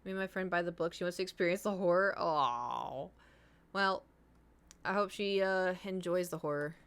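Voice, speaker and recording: A woman's voice: lowish voice, normal speed, fairly bright tone, clear, resonant tone. A young woman streaming, chatting casually with her viewers, rambling and self-deprecating, trailing off mid-thought.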